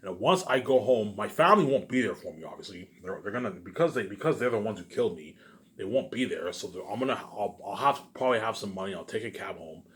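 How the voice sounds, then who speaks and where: Expressive and fast, this man speaks on the low side with a fairly bright tone. In a rambling solo monologue for his channel's viewers he is profane, emphatic, and grandiose, leaning over and over on "obviously" and "you know what I'm saying."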